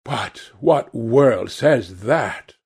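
A languid, cynical aristocratic wit, as a man reading a novel voices him. He drawls his remarks slowly in a raised, lively tone with a gravelly edge. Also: medium pitch, full character voice. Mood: drawling.

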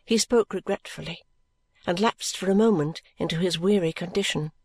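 A woman narrating a novel in a measured, steady storytelling manner. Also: lowish voice, husky, no echo. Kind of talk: scripted narration.

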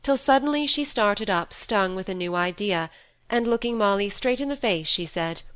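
A woman narrating a classic novel in an audiobook, reading in a measured, even way. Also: medium pitch, smooth.

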